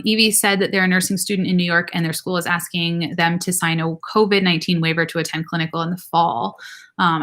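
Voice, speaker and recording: A woman's voice: lowish voice, sharp tone. A young woman hosting a casual livestream Q&A as a nurse practitioner, chatty and rambling with many fillers, reading viewer comments aloud.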